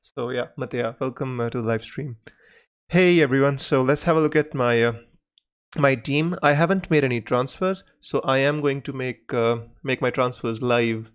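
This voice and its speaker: Man, live stream host, casual Q&A, hesitant pauses, middle pitch. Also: clean tone. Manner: greets chat viewers by name, hesitant with frequent pauses.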